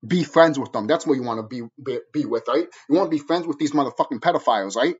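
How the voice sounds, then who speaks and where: A man's voice: medium pitch, fast talker, slightly rough. A man ranting at viewers in a profane, angry, preachy monologue, heard on a dull lo-fi recording. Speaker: vlogger.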